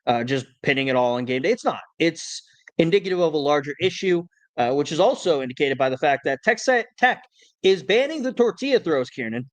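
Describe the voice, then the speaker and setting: A man's voice: on the high side, animated, fairly quick, dry recording. A young man co-hosting a sports podcast, ranting in a worked-up way and stammering when heated. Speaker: podcast co-host. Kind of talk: casual sports podcast rant.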